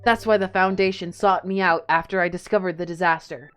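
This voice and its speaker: A woman doing a low-voiced game hacker. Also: steady tone, a little fast, fairly bright tone, soft background music, close to an everyday voice. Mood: confiding. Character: secretive male hacker confessing in a game log.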